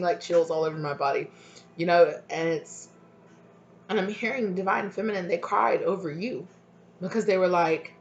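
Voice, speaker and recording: Woman tarot reader, lowish voice, emotional and chatty, dull home recording with faint hiss. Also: moderate pace, darkish tone, soft background music. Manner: emotional, conversational, lots of "you know" and "right". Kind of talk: channelled tarot reading to camera. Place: home room.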